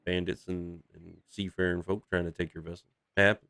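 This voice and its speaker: A man's voice: deep voice, level tone, fairly quick, creaky, bright, forceful tone, dry recording, exaggerated voice. A man voicing a polite, humble half-elven sea captain who hesitates and apologizes a lot. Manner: hesitant, apologetic, full of uhs.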